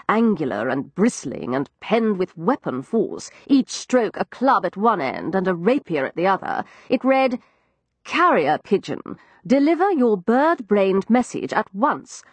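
A woman narrating a first-person novel as an audiobook, crisp and expressive. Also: mid-range voice, no room sound. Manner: expressive and crisp, with lively storytelling inflection.

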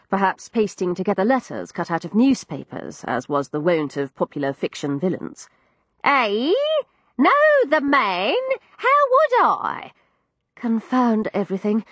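A woman narrating a first-person novel as an audiobook, crisp and expressive. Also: medium pitch, dry recording. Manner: expressive and crisp, with lively storytelling inflection.

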